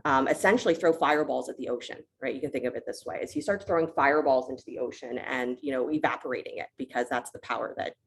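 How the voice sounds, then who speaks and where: A woman yoga teacher with an unusually deep voice tells a myth to her class. She speaks conversationally and often pauses to check in with "right?", as if talking with students in the room. Faint noise hums underneath her voice.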